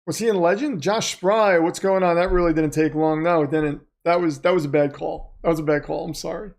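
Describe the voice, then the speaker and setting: This livestream host reacts to a football game in a chatty way, reading out viewer comments, calling plays live and musing about unrelated things. He speaks a little fast with fairly even intonation, and his fairly high voice has a creak.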